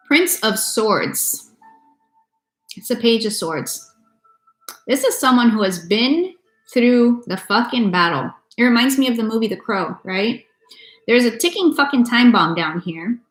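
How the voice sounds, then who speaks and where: A woman's voice: fairly high pitch, lively intonation, slow, pauses often, a bit bright. Blunt, swearing tarot reader woman. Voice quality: blunt and profane. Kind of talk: casual tarot reading monologue. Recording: echoey room with faint music.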